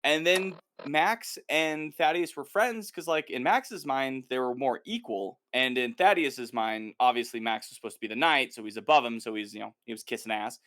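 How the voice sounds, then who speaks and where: Guy hosting a podcast, chatty and animated, acts out the scenes as he goes. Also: medium pitch. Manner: animated storyteller, quick to act out quotes. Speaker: podcast host. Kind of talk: casual chat recapping a TV episode.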